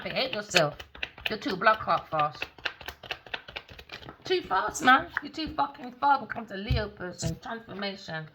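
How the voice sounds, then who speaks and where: A woman's voice: mid-range voice, big pitch swings, measured pace, long pauses, a crowd in the background. A woman doing a tarot reading in a casual, blunt, scolding manner, swearing freely. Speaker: tarot reader.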